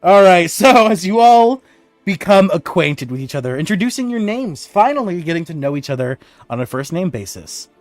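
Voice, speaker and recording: A woman's voice: on the low side, no room sound. A woman game master narrating a tabletop game on a voice call, giggly in the banter.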